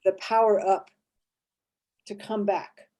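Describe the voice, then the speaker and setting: A woman therapist leading an interactive workshop, lively and expressive, acting out inner voices and checking in with her listeners. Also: medium pitch, slow pace. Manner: animated, acts out inner voices and checks in with "right?".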